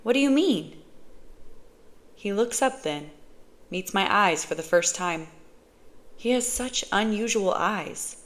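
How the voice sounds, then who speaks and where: Audiobook reader, female, unhurried first-person narration. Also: mid-range voice, expressive, fairly bright tone. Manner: slow, measured reading.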